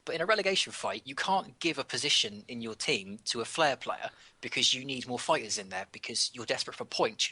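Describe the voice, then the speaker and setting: English male podcast co-host, opinionated football analysis, husky and bright, dry sound. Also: medium pitch, no echo. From England. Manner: opinionated, analytical, repeats words when thinking. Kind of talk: casual football chat.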